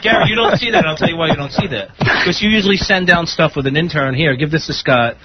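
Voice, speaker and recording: A man working as a radio show engineer, answering quickly and defensively. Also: fairly high pitch, lively intonation, very noisy. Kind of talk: radio talk show banter. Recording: lo-fi radio broadcast with loud clicks.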